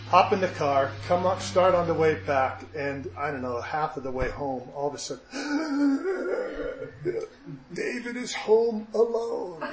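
A male pastor tells a story from the pulpit in a slightly high voice. He talks in a loose, conversational way, often restarting his sentences and making jokes at his own expense. The room gives his voice a noticeable echo. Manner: conversational storytelling, self-deprecating humor, frequent restarts. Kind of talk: sermon with a personal story.

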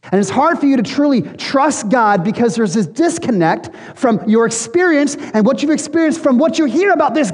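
A man preaching a sermon as pastor to a church congregation, in an earnest, conversational way. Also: high-pitched. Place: church hall. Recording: long hall reverb.

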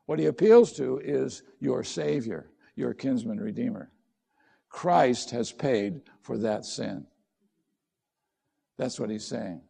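Man, middle-aged, pastor, sermon, husky, mellow tone. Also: mid-range voice, slow. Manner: conversational preaching with rhetorical questions.

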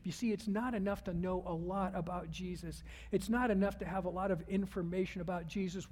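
A male pastor preaching a sermon, retelling a Bible story and often dropping into a hushed voice. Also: sits high, in a large hall. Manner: storytelling, drops to a hushed voice for the retold scenes.

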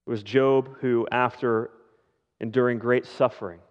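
A man preaching a sermon as pastor, speaking in a slow, measured way with dramatic pauses. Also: mid-range voice, fairly even intonation. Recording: dull lo-fi sound with long hall reverb.

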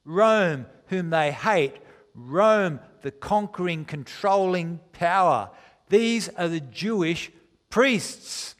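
Guy preaching a sermon, slightly high voice, slows way down for emphasis, long hall echo. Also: expressive, a bit bright. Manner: dramatic, slows for emphasis, reads scripture aloud.

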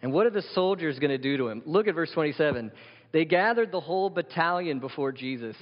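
A man's voice: fairly high pitch, animated, fast. A man preaching as pastor, emphatic and asking his listeners question after question. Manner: emphatic, asks the congregation many questions. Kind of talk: sermon. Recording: dull sound with long hall reverb.

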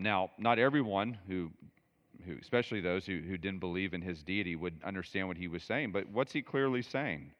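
A man's voice: low voice, lively intonation, fairly quick, long reverb tail, lo-fi sound. A man preaching a verse-by-verse sermon, talking conversationally and with emphasis, with asides to his listeners. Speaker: pastor. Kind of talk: expository sermon.

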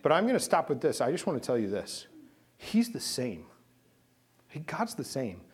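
A man's voice: medium pitch, huge pitch swings, normal speed, breathy edge. A man preaching a sermon and leading a closing prayer, talking to the congregation and asking them questions. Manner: conversational, asks the congregation questions. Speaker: pastor.

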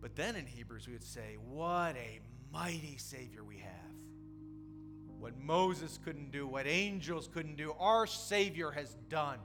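A middle-aged man, a pastor, preaching a sermon, moving from hushed storytelling to loud, impassioned preaching. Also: on the high side.

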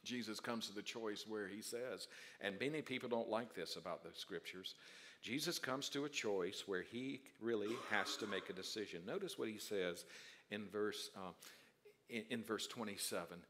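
A male pastor preaching a sermon, dropping to quiet asides and then rising to loud, drawn-out emphatic declarations. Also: on the low side, a little hiss or hum. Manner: stretches key words slowly for emphasis.

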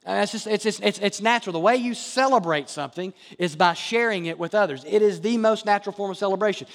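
A man's voice: high-pitched, quick pace, long reverb tail. A man preaching a sermon as pastor, earnest and emphatic, often asking rhetorical questions.

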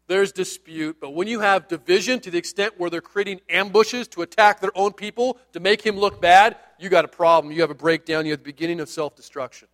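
A man's voice: high voice, fairly even intonation, fairly quick, few pauses, a bit bright. A man, a pastor, giving a sermon in a conversational, jokey way with asides to the listeners.

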